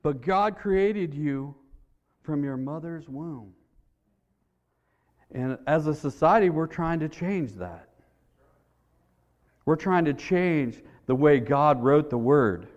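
A man's voice: on the high side, expressive, slow, long pauses, a little mellow, big-room sound, dull audio. A man preaching a sermon in a church, in an earnest, conversational way, repeating his words as he tells a story.

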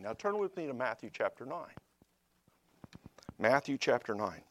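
A man preaching a sermon, telling a story quietly and then rising into loud, emphatic preaching. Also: mid-range voice, big pitch swings, normal speed, pauses often.

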